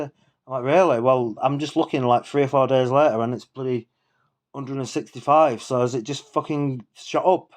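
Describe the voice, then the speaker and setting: A man rants straight to camera, a few drinks in. His voice sits at an ordinary middle pitch. He rambles, swears freely and sounds indignant throughout. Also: steady tone, normal speed. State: tipsy from drinking. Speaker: vlogger. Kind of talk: ranting casual monologue.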